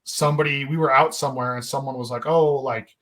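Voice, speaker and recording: A man's voice: mid-range voice, fairly even intonation, fast, pushed and bright. Laid-back, profane young man telling stories. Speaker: podcast host. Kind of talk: casual storytelling chat.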